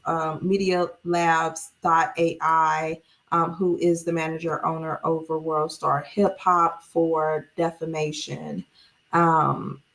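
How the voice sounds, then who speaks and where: Chatty woman host reading court papers. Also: on the low side. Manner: chatty, sarcastic asides to viewers. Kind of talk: casual commentary, reading a legal document aloud.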